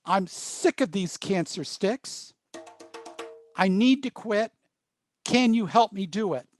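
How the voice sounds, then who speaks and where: A man voicing an angry adult male smoker who shouts and curses with the swear words blanked out. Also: high voice, animated, slow pace, soft background music. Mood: pleading. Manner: shouting, cursing with bleeped-out words. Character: angry grown man, a gruff heavy smoker.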